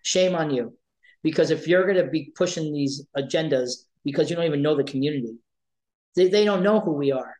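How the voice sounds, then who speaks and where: Being interviewed as an advocate for trans youth, a man speaks with passion and emotion, near tears, repeating his points for emphasis. His voice is on the high side, slightly mellow, and fairly quick, captured in a low-quality recording.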